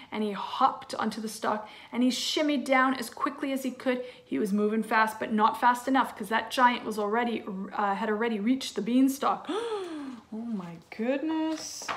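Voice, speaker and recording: A woman teacher reading a children's storybook aloud in an expressive way, with asides to her listeners. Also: fairly high pitch.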